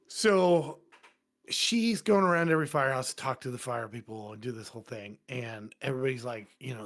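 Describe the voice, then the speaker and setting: Guy telling firehouse stories on a podcast, swears a lot, blunt and lively, mid-pitched voice. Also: fairly quick. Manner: profane, blunt and animated. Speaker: podcast guest, firefighter. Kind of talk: casual storytelling. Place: podcast studio.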